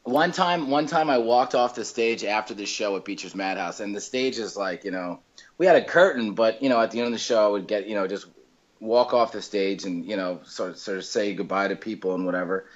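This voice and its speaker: A male comedian telling stories in a casual chat, talking in quick bursts with lots of fillers and restarts. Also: on the low side, highs cut off. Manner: animated storyteller, many fillers and restarts. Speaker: comedian guest.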